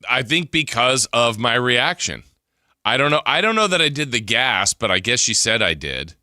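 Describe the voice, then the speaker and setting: A man co-hosting a sports radio show, telling stories in an animated, casual way. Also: medium pitch, normal speed, no room sound, clean studio sound. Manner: animated storyteller, gasps and laughs while telling. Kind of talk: casual chat. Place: radio studio.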